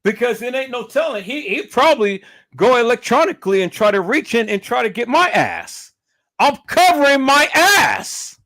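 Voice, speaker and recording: A man's voice: very high voice, big pitch swings, a little fast, fairly bright tone, no room sound, studio quality. A man ranting on a live stream, swearing heavily and stumbling over repeated words as he gets heated. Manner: profane, repeats words and restarts when worked up. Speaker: livestreamer.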